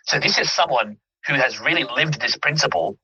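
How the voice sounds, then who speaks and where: Male coach guest, very bright husky tone, earnest and emphatic, dull lo-fi recording. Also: medium pitch, expressive, normal speed. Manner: earnest, emphatic, checks in with listener. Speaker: mindset coach. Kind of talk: interview guest explaining with examples. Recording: dull lo-fi audio.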